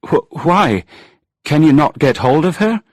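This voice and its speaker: A groggy, hungover male writer mumbles and protests in a storybook, voiced by a male narrator. His husky voice is pushed well above the narrator's usual low register and swings widely. The sound is close and dry. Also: expressive, measured pace, dry recording. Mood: flustered.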